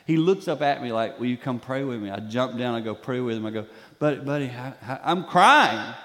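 An older man preaches as a guest in a church sanctuary, his mid-range voice moving a little fast through animated stories in which he acts out the voices he quotes. The sound carries the echo of a big room.

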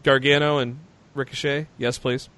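A man recaps the week's news in a loose, casual podcast style, with a voice of ordinary middle pitch. He rambles, restarts sentences and leans on fillers as he goes. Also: flat delivery, normal speed, pushed and bright. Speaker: podcast co-host.

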